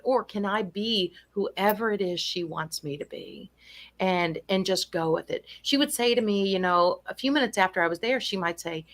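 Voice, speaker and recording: A woman's voice: lowish voice, moderate pace, fairly bright tone. A woman in her sixties, a nurse and guest, explaining dementia care earnestly and acting out the people she quotes. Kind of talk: casual conversation.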